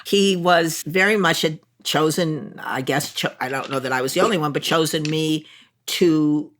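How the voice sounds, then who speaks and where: Older woman, Chicago accent, bright voice, candid, animated guest. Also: deep voice, normal speed. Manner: animated, frank, self-deprecating. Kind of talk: candid interview conversation.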